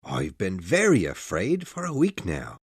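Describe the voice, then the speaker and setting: A woman voicing a frightened, loyal male butler in an audiobook, in a halting, lowered voice. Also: wildly swooping pitch, breathy edge, dry recording, studio quality, exaggerated voice. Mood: afraid. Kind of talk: audiobook character voice.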